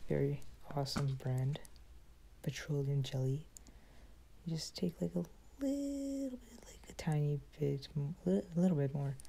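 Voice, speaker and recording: A woman's voice: low-pitched, expressive, a little slow, vocal fry, warm tone, breathy edge, poor audio. A young woman chatting casually as a vlogger, often dropping into a whisper. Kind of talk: casual chat.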